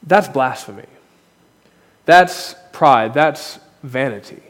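A pastor preaches a sermon into a podium microphone in a church sanctuary, candid and self-deprecating, his emphasis rising and falling. His voice is a little high and very animated, and his pace slow. The hall adds a long reverb.

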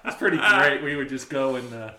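A man telling a story in casual chat, animated, laughing often and acting out the shouted quotes. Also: mid-range voice, fairly quick. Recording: roomy echo.

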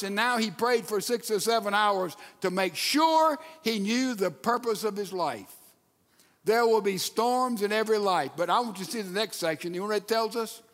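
A man preaching a sermon with emphatic delivery and dramatic pauses. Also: high voice, a bit bright, in a large hall. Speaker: pastor.

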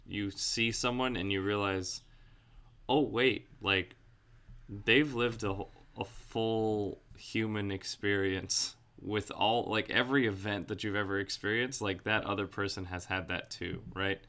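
A man's voice: fairly low pitch, steady tone, a little slow, pushed and bright, clean tone. A man hosting a casual interview, often affirming his guest with "right" and adding his own thoughts.

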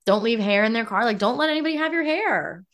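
A woman's voice: on the high side, lively intonation, quick pace, a bit bright. A woman co-hosting a podcast, musing reflectively in casual conversation. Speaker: podcast co-host. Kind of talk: casual chat about a book.

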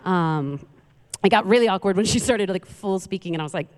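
Speaking from a church sanctuary with long hall reverb, this Queens, New York woman is a guest preacher whose funny sermon leans on chatty, self-deprecating storytelling. Her mid-range voice moves a little fast and sounds a little mellow.

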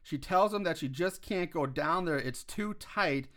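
A man's voice: a little high, measured pace, a bit bright. A man casually recapping a film plot on a podcast, with lots of fillers and laughs. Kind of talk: casual chat.

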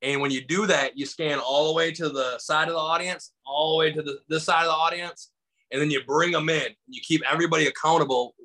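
A Michigan comedian appears as a guest over a video call, telling stories in a loose, rambling way full of fillers and acting out quotes. His voice sits on the high side with a steady, sharp tone, and he talks fairly quickly. The recording is rough, and the setting is a casual storytelling interview.

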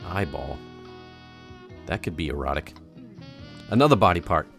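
A man's voice: deep voice, lively intonation, moderate pace, vocal fry, over music. A man co-hosting a podcast, teasing and playful, laughing often as he runs a word game. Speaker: podcast co-host. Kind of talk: casual chat and mock-sultry reading.

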